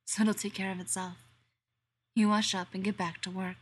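A woman voicing a breathless, commanding man who speaks hoarsely and pants between words in an audio story. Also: medium pitch, flat delivery, moderate pace, natural voice. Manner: panting, hoarse.

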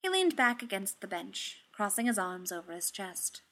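Woman storyteller, steady narration, bright tone. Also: medium pitch, normal speed. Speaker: reader. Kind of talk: reading fan fiction aloud.

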